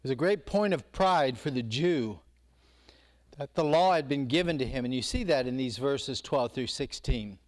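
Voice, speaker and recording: A man's voice: mid-range voice, moderate pace. A man preaching a sermon, telling a story with energy and acting out the quotes. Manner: animated storytelling, acts out quotes.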